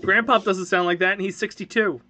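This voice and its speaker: Teasing man with a bright voice. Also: high voice, fairly even intonation, brisk. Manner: teasing, dry humor. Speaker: podcast host, parent. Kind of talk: casual family podcast chat.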